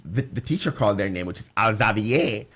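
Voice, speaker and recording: A man's voice: fairly low pitch, animated, a little fast, breathy edge. A man from Jamaica with a Jamaican accent, co-hosting a studio talk show and telling family stories with frequent laughter. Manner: warm, laughing storyteller. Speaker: co-host. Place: radio studio.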